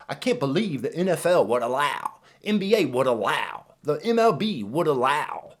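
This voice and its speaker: A man ranting heatedly in a profane reaction commentary, stressing words with lots of cursing. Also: on the high side. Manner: heated, emphatic, heavy swearing.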